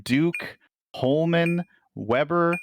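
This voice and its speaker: A man presenting his game run on a stream, talking in relaxed casual chat and directing the others. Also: on the high side, very slow, slight background noise.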